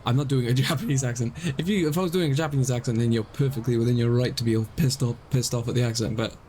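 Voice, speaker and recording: A man's voice: mid-range voice, darkish tone, a little hiss or hum, rough recording. A young man streaming a game live, rambling and explaining himself self-consciously as he talks.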